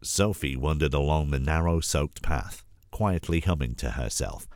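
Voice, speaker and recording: A man with a cold reads a storybook, his voice husky and extremely low. He narrates gently and expressively, recorded close in a dead, dry space. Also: moderate pace, no room sound. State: has a cold. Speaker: voice actor auditioning.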